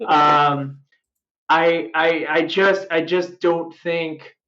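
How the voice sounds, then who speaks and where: A woman's voice: deep voice, fairly even intonation, very slow, a bit bright. A woman co-hosting a casual podcast chat, laughing often and rambling through restarts and tangents. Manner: giggly, rambling, full of restarts. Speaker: podcast co-host. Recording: roomy, dull home mic.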